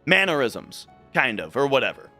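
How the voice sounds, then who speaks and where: A man's voice: mid-range voice, sing-song, moderate pace, pushed and bright, soft background music. A man from Minnesota with a light Minnesotan accent, chatting casually on a speedrun stream and restarting his sentences often. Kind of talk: casual livestream chat.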